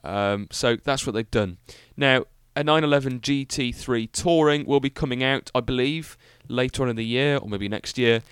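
A man's voice: mid-range voice, normal speed, few pauses, fairly bright tone, clean tone, no room sound, studio quality. Rambling, enthusiastic young British man. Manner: rambling, enthusiastic, self-mocking, many fillers. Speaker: podcast host. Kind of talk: solo podcast car review.

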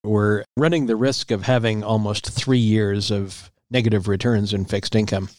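A man's voice: fairly low pitch, steady tone, normal speed, darkish tone, no echo, studio quality. A man co-hosting an investing podcast, laid-back and giving short replies in casual chat. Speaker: podcast co-host, financial advisor.

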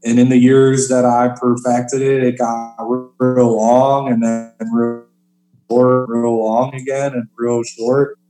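A man's voice: mid-range voice, little pitch movement, slow pace, over music. Chatty comedian man in a roomy space. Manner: chatty, fills with "like" and "you know". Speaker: stand-up comedian guest. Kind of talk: casual podcast conversation.

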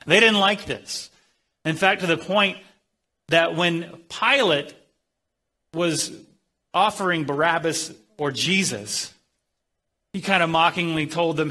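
A man's voice: fairly high pitch, normal speed, pushed and bright. A man preaching a sermon, earnest, with frequent restarts and dramatic quoted voices.

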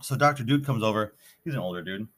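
Podcast host, young man from Minnesota, lower voice, loose rambling storyteller heavy on fillers. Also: fast. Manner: rambling, animated retelling with many fillers. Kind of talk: casual storytelling.

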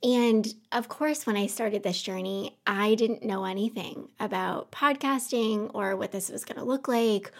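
A woman's voice: medium pitch, measured pace, creaky, hardly any pauses. Woman, podcast host, emotional, near tears, earnest, rambling, unscripted, home office. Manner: earnest, self-reflective, rambling. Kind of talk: unscripted personal monologue.

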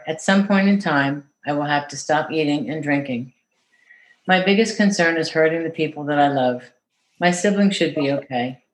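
A woman caregiver reading a letter aloud in an earnest, measured way, then answering interview questions. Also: sits low, a little hiss or hum. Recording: echoey room.

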